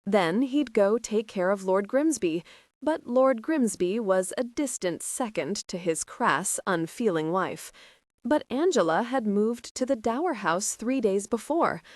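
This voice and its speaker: A woman narrates a historical romance audiobook at a middle pitch. The sound is dry and close, with no room around her. She voices both lovers without a big change in her voice. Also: expressive, measured pace, a little mellow, no echo. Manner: reads both lovers' lines in a near-plain voice.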